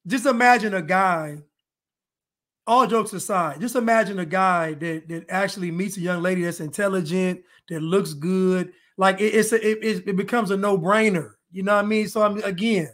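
This man hosts a casual podcast stream, and his voice sits high for a man. He talks loosely and animatedly, jokes around and circles back to the same phrases. He keeps thanking his viewers as he goes. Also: normal speed. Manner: animated, joking, repeats himself. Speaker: podcast host. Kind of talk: casual live-stream chat.

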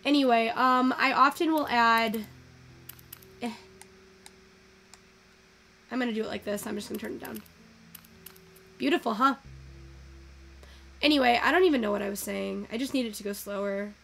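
A young woman giving casual, excitable commentary while taking in-game photos, swearing freely and gushing over what she sees. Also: a little high, moderate pace, creaky, pauses often, soft background music. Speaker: virtual photography creator.

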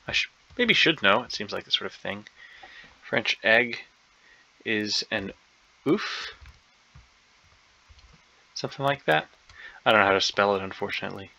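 A man thinks aloud while solving a crossword, hesitant and unsure, with many ums and self-doubts. His lowish voice is animated, creaky, bright, and forceful, moving at a measured pace with frequent pauses. The recording is dull and lo-fi.

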